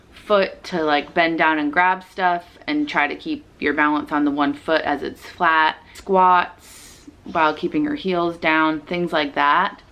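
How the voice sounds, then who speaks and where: A woman's voice: deep voice, bright, forceful tone. A young woman, a mother, chatting casually in a home vlog and explaining each step as she does it. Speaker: vlogger and mother. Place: home bedroom.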